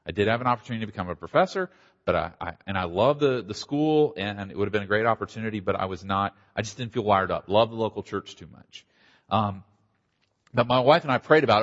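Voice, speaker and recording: A middle-aged man, a pastor, giving a conversational conference talk with quick asides and a slight Southern accent. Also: on the low side. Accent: slight Southern American. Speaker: pastor and church planter. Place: conference hall. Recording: dull audio in a large hall.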